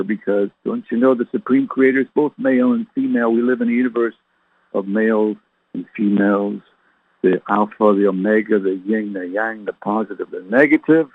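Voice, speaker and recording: A husky-voiced man delivers a radio sermon as a reverend, pressing his listeners with question after question. The sound is tinny and phone-like, with a dry, close feel. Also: medium pitch, dry recording. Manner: preachy, full of rhetorical questions to listeners.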